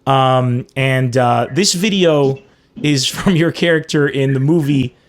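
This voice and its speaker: A man from Lebanon hosting a podcast interview, excited and quick to laugh. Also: mid-range voice. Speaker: podcast host.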